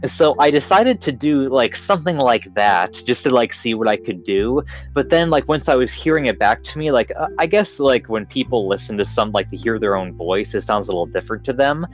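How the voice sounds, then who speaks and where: A man's voice: mid-range voice, expressive, brisk, few pauses, faint music behind, low-quality recording. A young man hosting a podcast in casual chat, rambling with lots of fillers and restarts. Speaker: podcast host.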